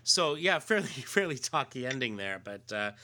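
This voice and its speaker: A man co-hosting a podcast in casual chat, halting and fond as he reminisces. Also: medium pitch, very animated, crowd noise. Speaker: podcast co-host.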